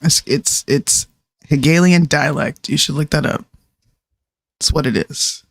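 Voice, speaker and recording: A woman's voice: sits low, measured pace, gravelly, dry recording, clean studio sound. A woman co-hosting a casual political talk show, giving her opinions emphatically. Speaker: show co-host.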